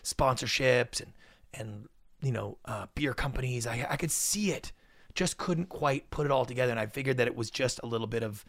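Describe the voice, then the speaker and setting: A middle-aged man, a podcast guest, telling his story in an animated way and acting out what people said. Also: medium pitch, normal speed, creaky, dry recording, clean studio sound. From Canada. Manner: animated, acts out quotes. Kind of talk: storytelling interview.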